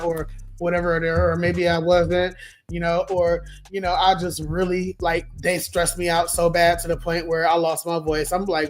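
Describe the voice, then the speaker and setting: A hoarse man, losing his voice, venting bluntly and profanely in a casual livestream rant. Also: high voice, level tone, moderate pace, soft background music. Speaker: livestream host.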